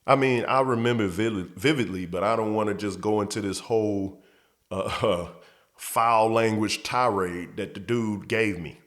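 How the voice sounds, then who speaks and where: Man, low voice, casual storytelling, restarts words, acts out quotes. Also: normal speed, fairly bright tone. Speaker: host.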